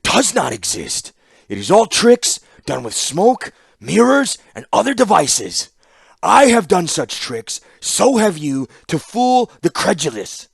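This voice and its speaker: A man voicing a stern, commanding older warlord who speaks grimly and forcefully. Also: mid-range voice, very animated, vocal fry, slightly rough, no echo, voice pushed up, exaggerated voice. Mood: scornful. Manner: grim, slow and forceful.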